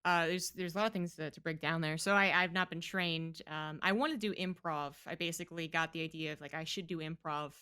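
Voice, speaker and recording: A woman with a low-pitched but bright voice, recorded close and dry. She hosts a casual podcast and reflects on her guest's points with a loose, conversational manner. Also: steady tone, brisk, hardly any pauses, smooth, dry recording. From United States. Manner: reflective, conversational, trails with fillers. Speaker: podcast host.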